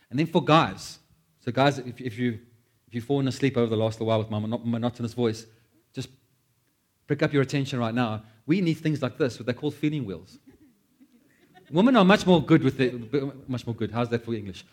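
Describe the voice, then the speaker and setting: A man preaching a sermon, animated, acting out quoted prayers and joking at his own expense. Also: medium pitch, fairly quick. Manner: animated, acts out quoted prayers, self-deprecating asides. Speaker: pastor.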